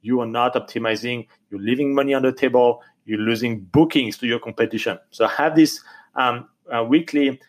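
A man with a French accent, a podcast host speaking in English, earnestly urging listeners and filling pauses with many ums and uhs. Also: mid-range voice. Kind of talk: advice podcast talk.

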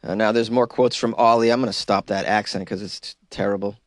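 A man's voice: on the low side, fairly even intonation, fairly quick, no room sound, studio quality. A male talk radio host giving casual, wisecracking commentary on news stories. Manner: wisecracking, laughs at his own jokes.

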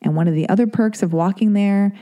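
A woman's voice: medium pitch, brisk, warm tone. A woman hosting a podcast, telling a long casual story in a chatty, profane way full of asides and tangents. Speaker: podcast host.

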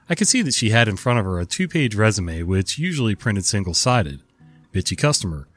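Male host, low-pitched and nasal with a cold, lively story read, wry tone, soft guitar behind. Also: a little fast. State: stuffy nose from a cold. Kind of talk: reading a story aloud.

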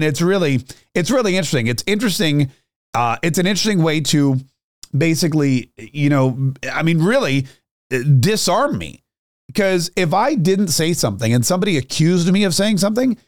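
A man's voice: a little high, no room sound, clean studio sound. A middle-aged man hosting a talk show, telling a rambling, self-mocking story in a casual monologue. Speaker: radio talk show host.

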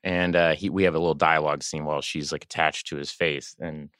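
A man guest on a podcast telling animated stories about filming, acting out the people he quotes. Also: a bass voice, fairly quick, smooth, no echo, clean studio sound. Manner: animated, acts out quoted voices. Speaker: guest actor and director. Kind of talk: casual storytelling chat.

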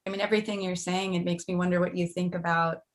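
A woman's voice: on the low side, flat delivery, quick pace. A woman hosting an interview, affirming her guest and posing thoughtful questions. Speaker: podcast host. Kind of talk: interview chat.

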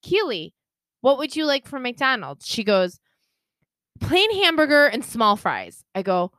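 A middle-aged woman co-hosting a casual chat, telling animated stories and swearing freely. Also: on the high side, measured pace, dry recording. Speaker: podcast co-host.

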